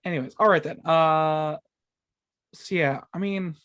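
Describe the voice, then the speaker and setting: Rambling podcast host who trips on words. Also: male voice, fairly high pitch, measured pace, fairly bright tone. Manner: stumbles over words, swears in frustration; rambling with many fillers. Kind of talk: casual gaming podcast chat.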